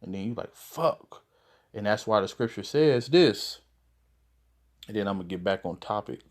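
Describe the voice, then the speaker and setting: A man's voice: on the low side, expressive, moderate pace. A man reads Bible verses aloud and explains them in a loose, conversational way, with mild swearing and plenty of fillers. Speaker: Bible teacher. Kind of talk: casual scripture teaching.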